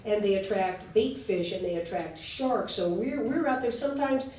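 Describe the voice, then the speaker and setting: A woman in her sixties, a guest telling stories at a live talk, animated and laughing, with fillers and restarts. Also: medium pitch, moderate pace, slight background noise. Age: 60s. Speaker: interview guest. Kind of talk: lively storytelling on stage. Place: live event hall. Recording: echoey room, voice from far off.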